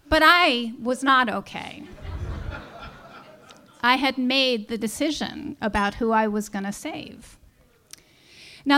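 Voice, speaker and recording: High-voiced middle-aged woman telling stories. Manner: wry, animated storytelling with humorous asides. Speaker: storyteller at a story slam. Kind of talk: live personal storytelling. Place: live storytelling event in a brewery.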